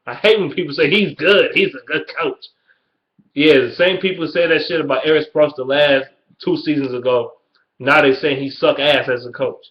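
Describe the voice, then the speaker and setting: A man's voice: on the high side, normal speed. Ranting young man with a Detroit accent. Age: early 20s. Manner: blunt, heated, swears constantly. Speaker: YouTuber. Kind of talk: profane casual rant. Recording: dull lo-fi webcam audio.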